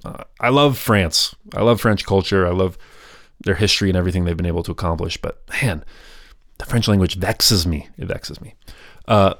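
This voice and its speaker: A podcast host telling a history story in a casual, chatty way, with wry grumbling asides. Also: male voice, lowish voice, no echo, studio quality.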